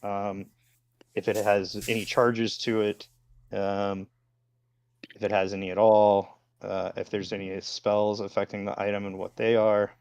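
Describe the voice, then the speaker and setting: A man's voice: fairly low pitch, flat delivery, a little slow, darkish tone, smooth, no room sound. A man playing a tabletop game, talking casually and explaining his reasoning with restarts. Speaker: player.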